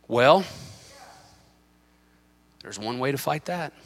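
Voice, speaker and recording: A man's voice: fairly high pitch, normal speed, pauses often, a bit bright. A male pastor preaching a sermon in a church, emphatic and impassioned with lots of repetition. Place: church sanctuary.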